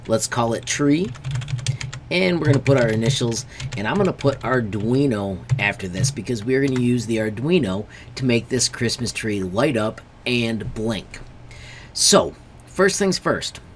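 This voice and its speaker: Guy teaching a screen tutorial, friendly, keeps repeating warnings, mid pitch, bit of hiss. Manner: step-by-step, emphasizing warnings.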